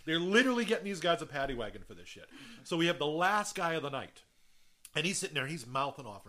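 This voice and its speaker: Animated bright-voiced man telling a story. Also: a little high, fast talker. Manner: animated, profane, laughs often, acts out voices. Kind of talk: casual storytelling chat.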